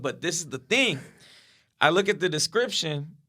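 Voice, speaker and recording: A man's voice: a little high, expressive, normal speed, pushed and bright. A man as a podcast guest telling a story in casual talk, acting out what others said and swearing freely.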